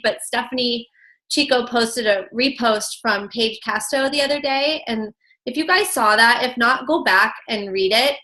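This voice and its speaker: A woman's voice: on the high side, pushed and bright. A woman leading a motivational coaching call, talking in an emphatic, chatty way full of "like". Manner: emphatic, chatty, heavy use of "like".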